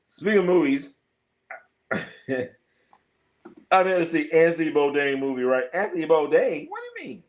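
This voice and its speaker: Animated, profane man telling stories. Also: a little high, moderate pace. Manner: animated, profane, laughs often, acts out quoted exchanges. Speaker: live sports show host. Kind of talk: casual live-stream chat, storytelling.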